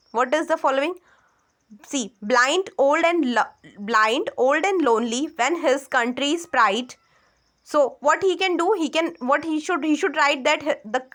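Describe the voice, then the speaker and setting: Indian lady tutor, high voice, going over literary terms slowly, keeps fixing her own words. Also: a bit bright. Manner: repetitive, explaining step by step with self-corrections. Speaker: exam prep teacher. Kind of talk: online literature lecture.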